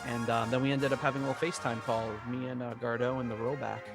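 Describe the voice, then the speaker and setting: A man's voice: mid-range voice, level tone, fast, over music. A man co-hosting a podcast in easygoing chat, rambling with many restarts. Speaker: podcast co-host.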